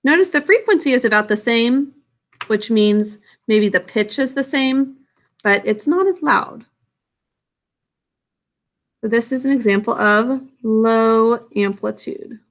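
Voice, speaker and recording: A woman's voice: fairly high pitch, animated, slow pace, long pauses. A woman science teacher giving a recorded lesson, patiently explaining step by step with small fillers.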